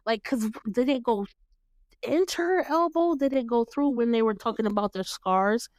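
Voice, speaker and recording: A young woman hosting a casual TV recap chat, animated and laughing, acting out lines in playful voices. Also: on the high side, moderate pace, clean tone, no room sound. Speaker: podcast host.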